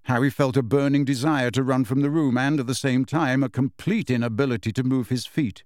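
Brief: male storybook narrator, measured and expressive, mid-pitched, dry and close. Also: no echo. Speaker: audiobook narrator. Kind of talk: scripted narration.

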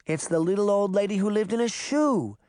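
A man voicing an eager, excitable young girl who speaks with emphasis. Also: high-pitched, a little fast, no room sound, studio quality, voice pushed up. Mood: excited.

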